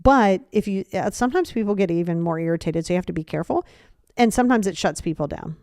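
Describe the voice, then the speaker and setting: A woman hosting a podcast, giving casual advice and acting out example dialogues in quick quoted voices, repeating phrases for emphasis. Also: lowish voice, lively intonation, a little mellow, no room sound, studio quality. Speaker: podcast host.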